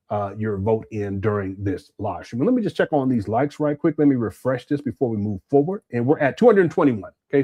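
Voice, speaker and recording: Male live-stream host, lively up-and-down voice, dry close sound, laughs a lot while reacting. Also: mid-range voice, dry recording. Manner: laughs often, reacts to clips.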